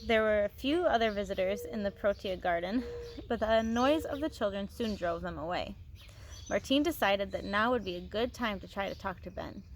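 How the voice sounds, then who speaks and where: A woman teacher reading a novel aloud to her students, expressive, with small restarts, on a phone. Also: medium pitch, normal speed, slight background noise.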